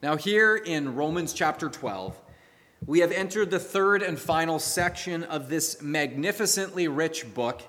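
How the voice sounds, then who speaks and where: A man, preaching a sermon in an earnest, measured, storytelling way. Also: fairly high pitch, fairly bright tone. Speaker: pastor. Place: church sanctuary. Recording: long reverb of a church hall.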